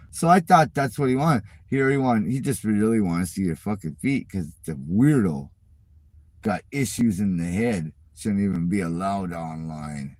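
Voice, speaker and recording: A man's voice: lowish voice, lively intonation, normal speed, darkish tone, no room sound. Middle-aged male channel host, casual profane rant, mocking and exasperated, dry close sound. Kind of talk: casual rant at viewer comments.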